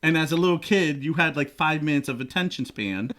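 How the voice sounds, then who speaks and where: A middle-aged man from Rhode Island hosting a podcast in casual chat, often laughing and slipping into silly voices. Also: brisk. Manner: animated, jumps into high silly voices when quoting, laughs often. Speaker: podcast host.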